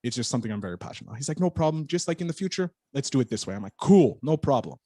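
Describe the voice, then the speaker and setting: A man on a podcast as a guest, telling a story in an animated, casual way and swearing freely. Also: medium pitch, rapid-fire, no echo, clean studio sound.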